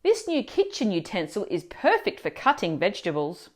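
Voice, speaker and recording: A woman teaching Italian pronunciation in a scripted video lesson, explaining words clearly and asking the viewer questions. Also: medium pitch, huge pitch swings, moderate pace.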